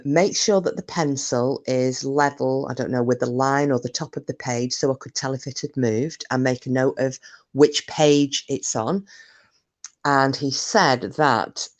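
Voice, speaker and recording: A woman's voice: extremely low pitch, a little mellow. A woman hosting a live stream, rambling in casual chat with plenty of fillers and breaking off to greet viewers by name. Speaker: livestream host.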